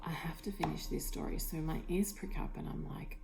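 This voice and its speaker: A woman vlogger telling an emotional personal story, excited and swearing, full of fillers and whispered asides, recorded on a tablet. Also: low-pitched, a little fast, creaky, few pauses. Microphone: tablet mic. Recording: lo-fi tablet recording, faint music behind.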